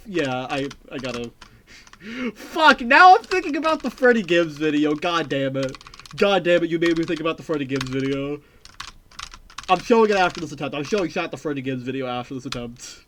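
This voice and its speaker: A man streaming a retro platform game, chatting casually with viewers, excitable and swearing often. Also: on the high side, a little fast, a little hiss or hum. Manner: excitable, swears often, bursts of shouting and laughter.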